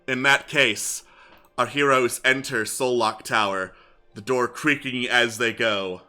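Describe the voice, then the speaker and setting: Bright-voiced male game master narrating. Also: medium pitch, steady tone, takes it slowly, faint music behind. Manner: descriptive narration with frequent fillers.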